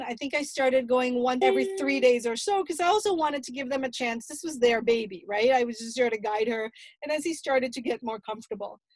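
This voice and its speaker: High-pitched woman, grandmother, emotional storyteller, very dry sound. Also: no echo, poor audio. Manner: emotional, animated retelling with acted-out quotes. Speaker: grandmother telling a family story. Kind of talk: personal storytelling.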